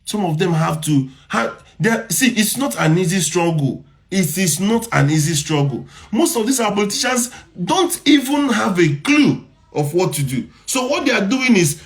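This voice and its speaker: A man's voice: high-pitched, sing-song, normal speed. A man with a Nigerian accent giving impassioned commentary, repeating his points and firing rhetorical questions. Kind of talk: impassioned social media commentary.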